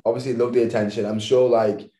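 A man in his thirties from England, a professional dancer chatting as a podcast guest, relaxed and quick to laugh. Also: mid-range voice. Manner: laughs often, relaxed and easygoing. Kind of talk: casual interview chat. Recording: echoey room.

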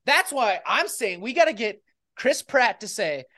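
A woman co-hosting a comedy podcast, chatting casually with quick quips and frequent laughs. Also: on the high side, big pitch swings, bright, forceful tone. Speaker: podcast co-host.

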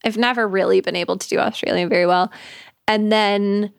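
A woman's voice: medium pitch, steady tone, fairly quick, creaky, smooth, no echo, studio quality. A young woman co-hosting a podcast in casual chat, laughing often and sighing as she hunts for words. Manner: chatty, laughs often, sighs when searching for words. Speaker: podcast co-host.

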